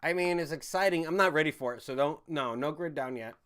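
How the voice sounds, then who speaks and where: A man's voice: a little high, a little fast, a bit bright. A man hosting a casual livestream, rambling as he answers viewer chat, swearing freely and laughing often. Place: home in a city.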